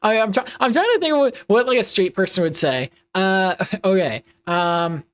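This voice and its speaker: A young adult streamer chats casually over a game, full of giggles and restarts. The voice swoops up and down in a lively, animated way at a middling pitch. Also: moderate pace. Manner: giggly, playful, rambling with many restarts. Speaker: live streamer. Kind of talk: casual live-stream chat while playing.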